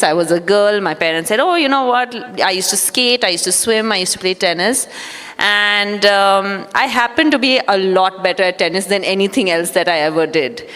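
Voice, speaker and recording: Measured woman in her thirties. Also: mid-range voice, a bit bright, clean tone. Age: 30s. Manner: measured and reflective, with many fillers. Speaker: guest, former athlete. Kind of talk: on-stage interview, storytelling. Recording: echoey hall.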